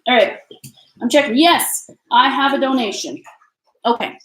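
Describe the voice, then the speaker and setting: A woman's voice: high-pitched, unhurried, noisy background. A woman with a Canadian accent giving a live tarot reading at home, chatty and reassuring with many fillers and restarts. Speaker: tarot reader. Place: home with family noise nearby.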